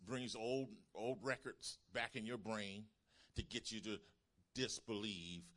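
Guy preaching a sermon, bright sharp voice, gets loud n emphatic with the crowd. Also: lowish voice, steady tone, slow pace. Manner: preaching that builds to loud, emphatic calls to the congregation.

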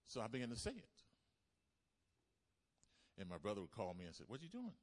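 With a fairly low, animated voice at a moderate pace, a man preaches during a church service. He uses call-and-response, urging the congregation to answer and repeating lines for emphasis.

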